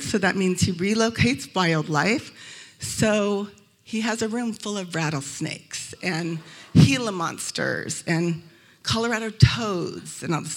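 A woman from Arizona speaks at a Christian event in a hotel room, her voice slightly husky and breathy at a middle pitch. She tells funny stories with energy and acts out every quoted voice as she goes. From Arizona, USA. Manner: lively storytelling, acting out quoted voices. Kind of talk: humorous faith talk to a live audience.

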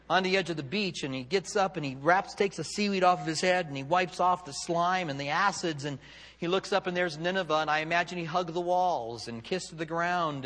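Fervent preacher in a reverberant hall. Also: male voice, high voice. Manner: dramatic, swings from loud fervor to hushed tones. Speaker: pastor. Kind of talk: sermon.

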